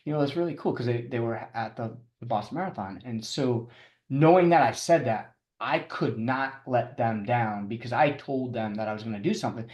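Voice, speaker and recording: A middle-aged man telling his story as a podcast guest, halting and restarting often, with chuckles. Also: fairly high pitch, lively intonation, a little mellow, reverberant. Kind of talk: casual storytelling interview.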